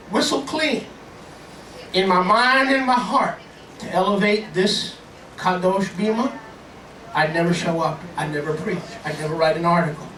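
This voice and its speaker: A man preaching a sermon as a pastor, animated, joking, and putting on voices to act out his stories. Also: sits high. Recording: echoey room, distant from the mic, faint ambience.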